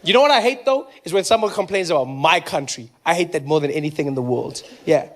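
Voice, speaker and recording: A man's voice: a little high, fast. A man from South Africa with a South African accent, performing a playful stand-up comedy set and acting out characters. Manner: animated, playful, acts out characters.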